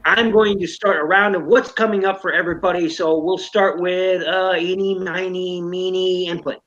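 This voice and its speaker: A man's voice: high-pitched, level tone, moderate pace, fairly bright tone, muffled recording. A man hosting a casual live-stream chat about toys, rambling and playful. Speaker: host.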